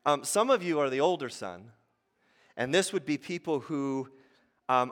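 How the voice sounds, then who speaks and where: A man preaches a sermon as pastor, moving between soft conversational asides and loud, animated storytelling. His voice sits a little high. The sound rings with the long reverb of a large hall. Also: unhurried, long pauses.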